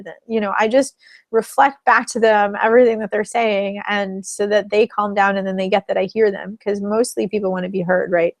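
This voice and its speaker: A woman working as a relationship coach, teaching in a webinar in a calm, explanatory way and acting out example phrases. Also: mid-range voice, a little fast, dry recording.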